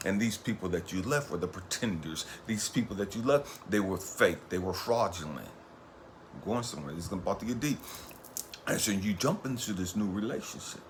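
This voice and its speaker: Profane, emphatic man preaching hard. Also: slight background noise. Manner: emphatic, profane, streetwise preacher cadence, heavy repetition; swings from low murmurs to loud raised bursts. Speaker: spiritual coach and mentor. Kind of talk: impassioned motivational monologue.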